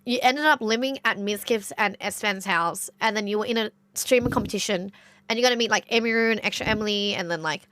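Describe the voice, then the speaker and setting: Fast-talking and sharp in tone, this medium-pitched Australian woman streams games while stuffed up with nasal congestion. She chats casually with her live viewers, rambling through stories full of "like."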